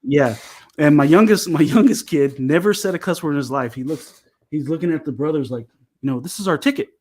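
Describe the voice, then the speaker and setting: A middle-aged man telling a long, profane family story in a casual chat, animated and laughing. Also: fairly high pitch, brisk. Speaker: co-host.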